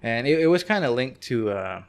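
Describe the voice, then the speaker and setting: A man's voice: medium pitch, sing-song, normal speed, clear, resonant tone. A young man talking openly and easily as a guest on a casual podcast. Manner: open, easygoing storytelling. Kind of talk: casual chat.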